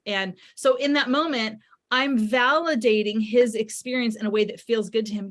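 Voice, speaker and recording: A middle-aged woman who writes about parenting and works as a psychotherapist explains ideas in a podcast interview, acting out what parents say. Her voice is on the high side, and she talks at a moderate pace with few pauses.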